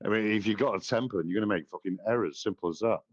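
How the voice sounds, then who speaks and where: A man's voice: fairly low pitch, very fast, dry recording. Blunt man on a muffled line. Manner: blunt, heated, swears often. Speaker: podcast host. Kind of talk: casual political chat.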